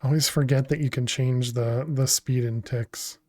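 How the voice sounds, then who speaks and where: A man streaming a video game, chatting casually as he thinks aloud and answers his chat, often laughing. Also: mid-range voice. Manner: laughs often, relaxed and unhurried. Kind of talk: casual gaming livestream commentary.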